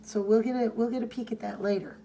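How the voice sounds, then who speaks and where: Mellow-voiced woman recapping comics. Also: on the high side, fairly even intonation, quick pace, a little hiss or hum. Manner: reads comic dialogue aloud in playful voices. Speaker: podcast co-host. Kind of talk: casual chat recapping a comic.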